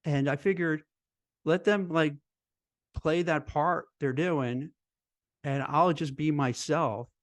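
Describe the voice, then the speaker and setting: A man, a recruiter and career coach, giving casual job-interview advice in a chatty, animated way, full of "you know" and "like". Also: on the high side, no room sound. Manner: conversational, lots of fillers like "you know" and "like"; animated, acts out quoted voices. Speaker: recruiter and career coach hosting a live stream.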